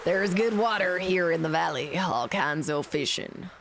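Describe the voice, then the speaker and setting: A woman's voice: moderate pace, background noise, natural voice. A woman doing a folksy old fisherman. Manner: lowered voice with a put-on rustic accent. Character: folksy old male fisherman, gruff and friendly.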